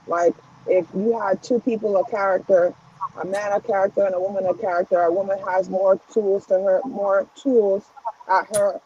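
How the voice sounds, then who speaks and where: A woman's voice: mid-range voice, darkish tone. A woman truck driver calling in from the road, tired from little sleep, giving blunt, long-winded opinions in casual chat. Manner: blunt, opinionated, talks in long run-on stretches. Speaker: caller. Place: in a truck, driving through mountains. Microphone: phone call from the road. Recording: muffled call line with faint hiss.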